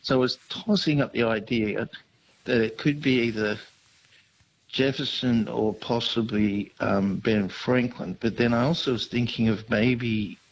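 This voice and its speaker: A man's voice: mid-range voice, steady tone, measured pace, slight background noise, poor audio. A man calling in to a radio quiz, rambling and hesitant with many ums. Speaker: caller. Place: phone line.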